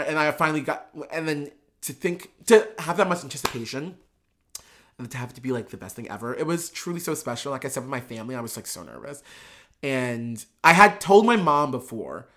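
A podcast guest and drag performer telling a casual story, animated and full of filler words and restarts, laughing and swearing along the way. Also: medium pitch. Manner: laughs while talking.

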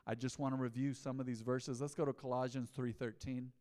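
A middle-aged male pastor preaching a sermon, swinging from soft pleading to loud calls that get the congregation repeating after him. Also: medium pitch, a little fast. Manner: animated preaching, rising and falling dynamics, calls to the congregation. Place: large church hall. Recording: long hall reverb.

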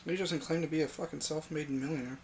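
A man's voice: fairly high pitch, steady tone, quick pace, slight background noise. A man co-hosting a casual podcast, chiming in with dry wisecracks and laughter. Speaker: podcast co-host. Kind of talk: casual chat.

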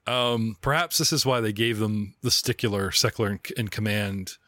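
A man's voice: fairly low pitch, moderate pace, bright, forceful tone, dry recording. A man hosting and running a tabletop role-playing game as game master, chatty, laughing often and acting out side characters.

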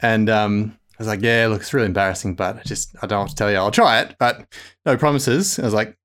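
A man's voice: on the low side, fast talker. Rambling, self-mocking man in his thirties. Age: 30s. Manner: rambling, animated, self-mocking, laughs often. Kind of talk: casual storytelling chat.

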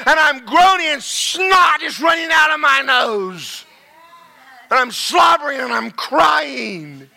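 A high-voiced man preaches a sermon. His tone is very bright and gravelly. He drops to low murmurs, then rises to shouts. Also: animated, takes it slowly, slight background noise. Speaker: pastor.

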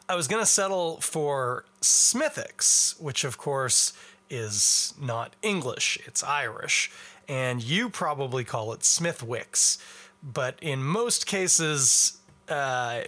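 A man's voice: medium pitch, sharp tone. A middle-aged man from Canada hosting a beer podcast in a chatty, wry, rambling way. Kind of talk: casual beer review chat.

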